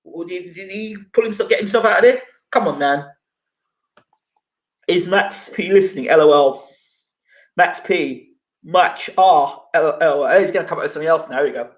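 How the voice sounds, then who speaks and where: A man with a high, lively voice argues about boxing on a live stream and fires off rhetorical questions. He sounds animated and combative. His voice echoes around the room he records in. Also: normal speed. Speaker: boxing channel host. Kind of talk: live stream commentary and viewer replies.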